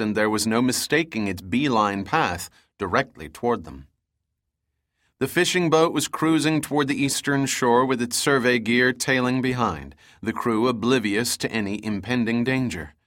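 Brief: male audiobook narrator, steady and even, middle pitch. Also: normal speed, dry recording, studio quality.

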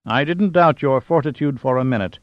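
A man's voice: mid-range voice, fairly quick, no echo, pitched above the performer's own voice, natural voice. A man voicing a cheerful, genteel older man with a plummy manner, in a storybook reading. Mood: genial. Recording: dull dry lo-fi audio.

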